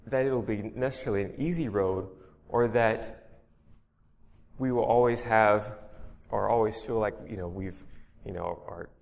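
A man giving a plain-spoken, relaxed sermon, explaining things step by step. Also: fairly low pitch, a little slow, gravelly. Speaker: preacher. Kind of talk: conversational sermon. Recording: long echo of a large hall.

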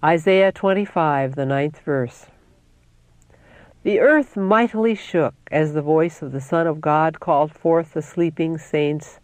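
A very unhurried, solemn reading of a devotional text, each phrase set down with care. The voice sits at a middle pitch. It is recorded dry and close, with no room sound. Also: dry recording. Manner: slow, solemn, deliberate reading with scripture citations. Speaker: reader. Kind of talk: scripted religious reading.

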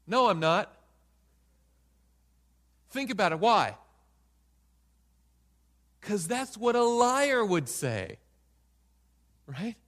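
Animated preacher in a reverberant hall. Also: male voice, high voice, slow, long pauses. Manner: dramatic, acts out voices in quotes, asks the audience questions. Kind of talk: sermon.

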